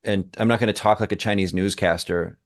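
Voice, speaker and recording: Emphatic, lower-voiced man in podcast discussion. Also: steady tone, fairly quick. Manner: emphatic and engaged, thinks aloud with restarts. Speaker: co-host, language teacher.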